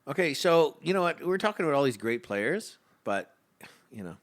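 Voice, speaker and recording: A man's voice: a little high, very animated, normal speed. A man co-hosting a casual podcast, talking hockey in a rambling, opinionated fan's way. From Canadian prairies. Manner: rambling, opinionated fan talk. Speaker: podcast co-host.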